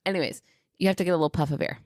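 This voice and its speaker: A woman co-hosting a podcast in casual chat, an animated storyteller who acts out what people said. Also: fairly low pitch, very fast, dry recording, clean studio sound. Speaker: podcast co-host.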